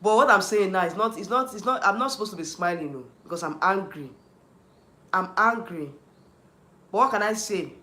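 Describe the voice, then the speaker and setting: A man's voice: high voice, lively intonation, normal speed, sharp tone, roomy sound. A man with a Nigerian accent hosting a livestream, ranting heatedly, repeating himself and restarting often while answering chat. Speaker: YouTube livestream host.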